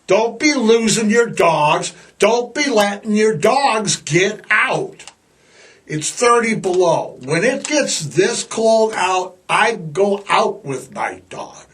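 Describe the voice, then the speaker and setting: A man's voice: high-pitched, animated, takes it slowly, a bit bright, recorded from a distance. A man hosting a casual podcast monologue, blunt, rambling and fired-up. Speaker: podcast host.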